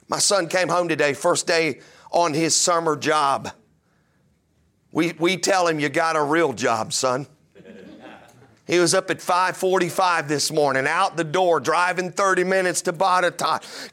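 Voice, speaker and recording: A man's voice: high voice, pushed and bright. A middle-aged man preaching a sermon, emphatic and full of rhetorical questions. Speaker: pastor.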